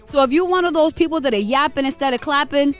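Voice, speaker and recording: A woman's voice: high-pitched, fast talker, soft background music. A woman in her forties from Rhode Island, co-hosting a morning radio show in blunt, preachy, fiery casual talk. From Rhode Island, USA. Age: 40s. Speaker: radio co-host.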